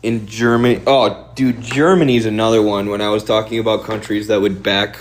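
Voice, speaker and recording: A man streaming and answering viewer questions in a quick, offhand, opinionated way. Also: lowish voice, steady tone, slight background noise.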